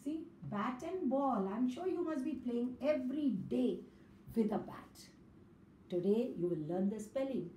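A kindergarten teacher leads young children through a slow phonics lesson, spelling out letters one at a time in a sing-song manner. Her slightly high voice is warm and unhurried with lively intonation, recorded in an echoey room with faint ambience and a little hiss or hum.

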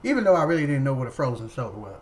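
Speaking rapid-fire and very animated, a woman with an extremely low, slightly mellow voice vlogs from home over poor audio. She tells the camera a casual story, chatting, repeating herself and calling her viewers y'all.

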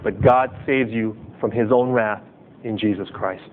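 A man's voice: steady tone, unhurried. A male pastor preaching a sermon in short, emphatic phrases, then leading the congregation in fervent prayer. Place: chapel service. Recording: tinny lo-fi recording with low rumble.

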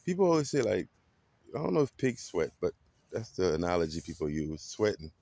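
A man with a very low voice recounts a story straight to the camera. He talks casually and dramatically, acting out the quotes and leaning into every twist. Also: brisk, gravelly, dry recording. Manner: animated, dramatic retelling with acted quotes. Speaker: vlogger.

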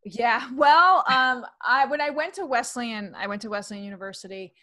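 Speaking at normal speed in a fairly high voice, this New York comedian-actress guest discusses her work in a casual interview conversation. Only a trace of her accent remains after training, and she's lively and talkative, quick to laugh and prone to restarting sentences.

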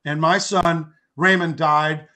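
An older man with a high voice tells a long personal story as a podcast guest. His tone is bright and forceful. He rambles, repeats words and acts out what people said. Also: slow. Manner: acts out quoted speech with lively voices. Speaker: podcast guest, author and artist.

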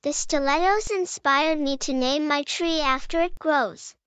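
A woman voicing a cheerful young schoolgirl who is quick to cry, in a homemade cartoon. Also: high voice, a bit bright, dry recording. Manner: eager, chatty, quick to cry. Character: young schoolgirl, cheerful, fears getting wet.

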